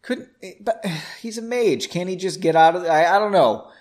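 A man's voice: sits high, normal speed, darkish tone. A man reading a fantasy story aloud, breaking in with sarcastic, amused asides. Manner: sarcastic, amused, self-mocking. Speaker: reader of a story.

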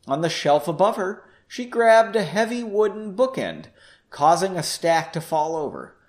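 A man's voice: sits high, very animated, moderate pace. A man hosting a podcast, reading a novel aloud with chatty, self-deprecating asides. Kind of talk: casual story reading with asides.

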